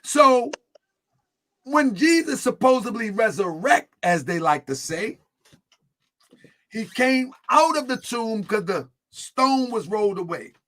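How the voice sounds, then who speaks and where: A man giving a religious teaching, retelling a story in an animated way with many fillers. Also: very high-pitched, slow pace.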